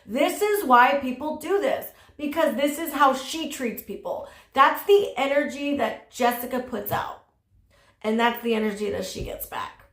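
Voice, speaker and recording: High voiced woman doing sassy blunt commentary, swears a lot, echoey room. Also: lively intonation, measured pace, fairly bright tone. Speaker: commentary YouTuber. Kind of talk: casual drama commentary.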